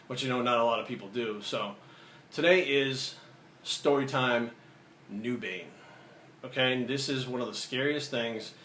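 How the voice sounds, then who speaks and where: Male vlogger, brash storyteller, mid pitch, echoey room. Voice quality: profane, animated, acts out the dialogue. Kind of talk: casual storytelling. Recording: roomy echo, faint ambient noise.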